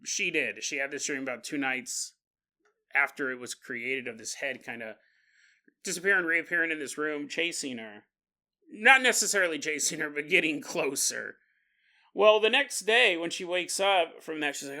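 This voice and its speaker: Bright-voiced man telling a story. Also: a little high, moderate pace. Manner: jokey, acts out quoted voices, laughs often. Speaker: podcast host. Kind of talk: casual storytelling monologue.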